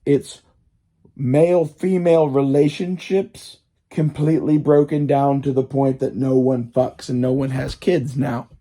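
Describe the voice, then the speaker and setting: A man's voice: medium pitch, little pitch movement, measured pace, warm tone. A man with a strained voice that he says he can barely talk in, rambling profanely in a casual monologue full of fillers.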